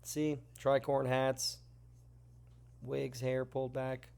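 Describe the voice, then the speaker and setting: This male teacher, whose voice is on the high side, takes a measured pace as he talks through a classroom lesson. He's chatty and lively with jokey asides, though he yawns and mentions being tired.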